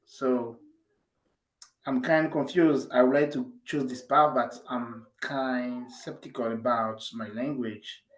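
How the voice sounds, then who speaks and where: A man's voice: medium pitch, steady tone, a little slow, roomy sound, low-quality recording. A man with a French accent asking a question on a live call, speaking in a hesitant, unsure way. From French-speaking country.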